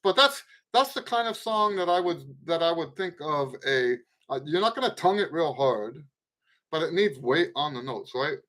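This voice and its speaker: In a casual live question-and-answer trumpet lesson, a middle-aged man speaks in a fairly high, slightly bright voice with big pitch swings at normal speed. He loosely talks through his points, sings tonguing syllables, and demonstrates by playing.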